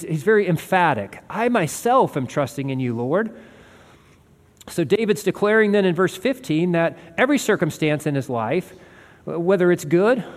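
Lively male pastor preaching in a hall. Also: high voice. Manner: earnest, conversational preaching with rhetorical questions. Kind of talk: sermon.

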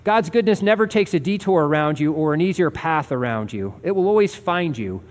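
A man's voice: on the high side, lively intonation, a little fast, long reverb tail. A man preaching a sermon as a pastor, earnest and conversational, asking his listeners rhetorical questions.

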